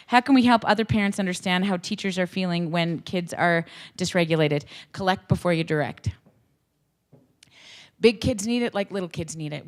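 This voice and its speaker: A woman speaker and youth hockey coach giving an energetic, joking talk to educators. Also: on the low side.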